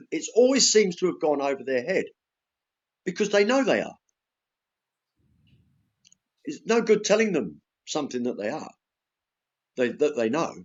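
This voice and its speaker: A man's voice: on the high side, very animated, measured pace, pauses often, muffled recording. An Englishman telling a story in casual podcast chat, blunt and sweary, acting out the exchanges he quotes. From England. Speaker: podcast guest.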